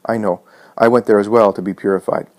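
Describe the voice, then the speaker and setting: A man reading the part of a loyal male servant, quiet and obedient, in a low voice. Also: steady tone, fast talker, natural voice.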